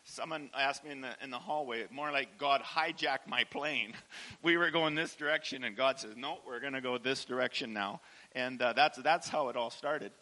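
A man's voice: medium pitch, sharp tone, rough recording. A man telling a heartfelt charity story to a church audience, with frequent restarts and little laughs. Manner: emotional storytelling, laughs often, halting restarts. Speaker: charity founder speaking to a church. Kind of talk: personal testimony talk.

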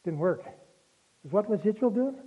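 High-voiced preacher on a tinny line. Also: male voice, lively intonation, measured pace, slightly rough. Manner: folksy, conversational storytelling with asides. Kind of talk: sermon. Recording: tinny phone-like sound.

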